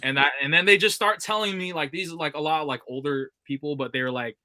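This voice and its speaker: Bright-voiced man telling rambling stories. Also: on the high side, fast talker, dry recording. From California. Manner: rambling storytelling with many fillers. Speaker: podcast co-host. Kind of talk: casual chat.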